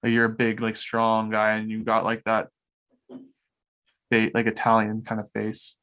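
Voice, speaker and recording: A man co-hosting a casual group podcast chat rambles along with many fillers and restarts. His voice is on the low side and fairly bright, yet monotone and unhurried.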